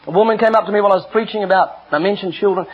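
A man's voice: high-pitched, racing, slightly rough. A middle-aged man preaching an earnest, emphatic sermon with personal stories. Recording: dull lo-fi recording.

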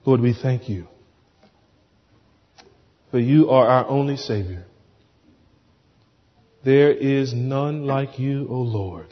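A man preaching a sermon with fervent, swelling delivery that drops to hushed pleading and prayer. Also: medium pitch, takes it slowly, pauses often. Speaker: pastor. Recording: dull sound with long hall reverb.

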